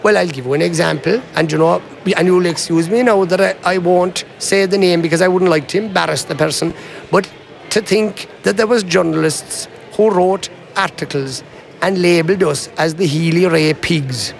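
A man's voice: sits high, normal speed, gravelly, slight background noise. A man with an Irish Kerry accent giving an indignant, emphatic election victory speech at a vote count centre. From Kerry, Ireland. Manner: indignant, emphatic, addressing a crowd. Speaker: politician.

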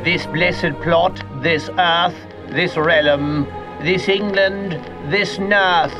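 A man plays a grandiose Shakespearean orator, declaiming each phrase with theatrical weight and drawing it out very slowly. Music plays clearly underneath. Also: high voice, fairly even intonation, pitched above the performer's own voice, rough recording.

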